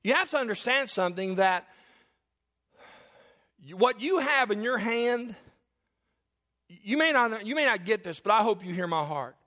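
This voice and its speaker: A man's voice: high-pitched, lively intonation, a little slow, pauses often, pushed and bright. A male preacher delivering a sermon, emphatic and repetitive, telling stories to make his point.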